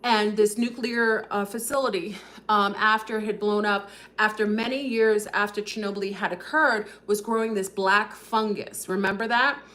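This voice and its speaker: Woman, livestream host, fast talker, rambling, lots of fillers, addresses viewers, medium pitch. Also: fairly even intonation, bright, forceful tone. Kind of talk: casual livestream monologue.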